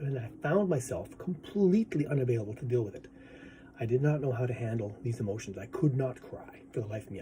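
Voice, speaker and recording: A man with a warm, mid-range voice vlogs in a loose, rambling monologue, cursing freely and tossing in "right?" as he talks. There is slight background noise.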